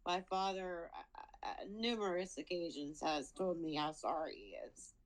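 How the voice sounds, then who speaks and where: A woman's voice: fairly low pitch, poor audio. A woman speaking on a video call at a hearing, pleading for her father, often repeating words and fighting tears. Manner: halting, repeats words, tearful. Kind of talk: emotional plea over a video call.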